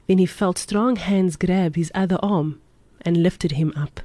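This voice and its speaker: A woman radio presenter narrating a motivational story in a steady, measured reading. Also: lowish voice, dry recording.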